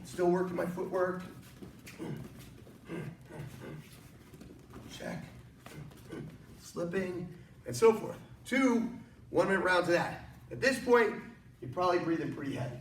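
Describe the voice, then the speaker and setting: A man with a high voice teaches an online martial arts class in his studio, full of energy and jokes as he instructs. His pace is normal with long pauses, and he's recorded from a distance in an echoey space over a faint hiss.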